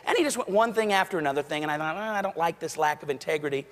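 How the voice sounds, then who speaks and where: A man's voice: fairly high pitch, animated, quick pace, few pauses, fairly bright tone, in a large hall. A man giving a motivational keynote speech, telling stories and acting out the voices of the people in them. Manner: storytelling, acts out quoted voices. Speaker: keynote speaker.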